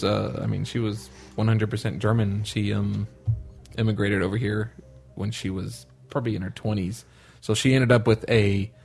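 A man's voice: fairly low pitch, vocal fry, husky. A man co-hosting a casual chat, joking and laughing often.

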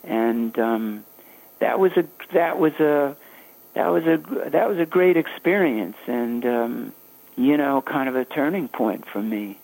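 An older man, a jazz saxophonist, telling stories in a halting, anecdotal way during an interview. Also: mid-range voice, lively intonation, gravelly, darkish tone, poor audio. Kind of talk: reminiscing interview storytelling.

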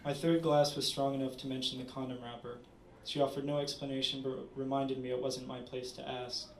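Man, story reading, measured pace, small stumbles, echoey venue, distant mic. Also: medium pitch, little pitch movement, a little hiss or hum. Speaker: reader at a literary event. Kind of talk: reading his story aloud. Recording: roomy, distant audience recording.

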